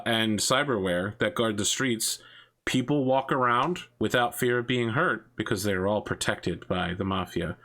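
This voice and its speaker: Bright-voiced man game master. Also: lowish voice. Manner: casual, descriptive, uses fillers. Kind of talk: narrating a tabletop game.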